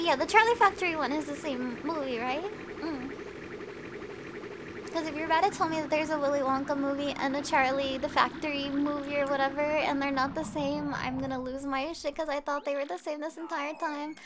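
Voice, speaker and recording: High-voiced woman streaming a game. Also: normal speed, noisy background. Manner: chatty, swears and laughs often. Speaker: VTuber streamer. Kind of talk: casual gameplay commentary.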